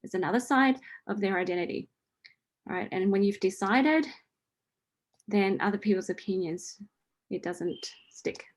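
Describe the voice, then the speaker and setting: Woman, forties, friendly coach answering a listener, chatty with a steady "right?". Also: medium pitch, unhurried, pauses often. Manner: chatty, repeats "right?" often, laughs lightly. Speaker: host answering a listener's question. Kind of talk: casual spiritual coaching talk.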